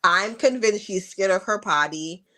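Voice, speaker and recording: A woman with a sharp tone speaks at a measured pace on a podcast, frankly describing life as the mother of a toddler. In this casual interview storytelling, she acts out conversations with her daughter in a high, raised voice.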